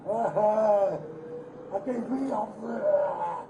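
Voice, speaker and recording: A man's voice: sits high, slow pace, vocal fry, echoey room, background noise. A man out of breath and in pain, groaning and pleading while held on the ground outdoors. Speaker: man restrained by police. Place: outdoors on a street.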